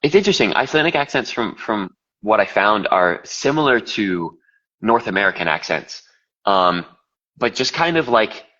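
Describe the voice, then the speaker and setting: A man's voice: lowish voice, very animated, normal speed, bright, forceful tone. A young man, an audiobook narrator, chatting casually from a hotel kitchen over a video call and rambling with lots of fillers. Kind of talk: casual live chat. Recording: lo-fi livestream audio.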